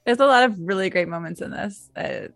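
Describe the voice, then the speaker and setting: A woman's voice: medium pitch, fairly quick, vocal fry, a bit bright, no room sound. A woman co-hosting a casual movie-review podcast, chatty and full of "like" fillers, laughing easily. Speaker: podcast co-host.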